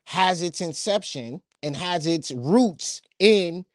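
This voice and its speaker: A man co-hosting a casual political podcast, talking with energy in quick bursts and frequent restarts. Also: high voice, expressive, no echo, clean studio sound. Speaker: podcast co-host.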